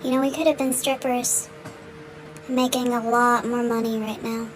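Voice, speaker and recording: A woman in a comic skit, speaking in a flat, offhand way. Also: a little high, moderate pace, music in the background, poor audio. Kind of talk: comedic skit.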